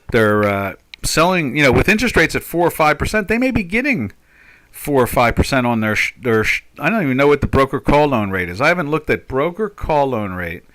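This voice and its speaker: An older man hosting a live trading chat, thinking aloud in a halting way and repeating words as he goes. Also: medium pitch, fairly bright tone, no room sound. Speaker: trading show host.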